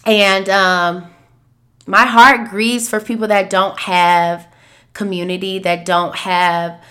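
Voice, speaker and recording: Bright, candid woman in her thirties. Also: medium pitch, slow. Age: 30s. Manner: candid, expressive, shifts between soft and animated. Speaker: podcast host. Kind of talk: reflective solo podcast talk.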